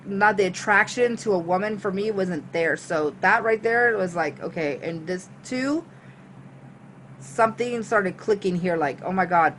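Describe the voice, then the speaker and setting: A woman vlogger telling a storytime tale. She is animated and swears freely, acting out her own reactions as she goes. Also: medium pitch, a little slow, slight background noise. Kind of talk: storytime monologue.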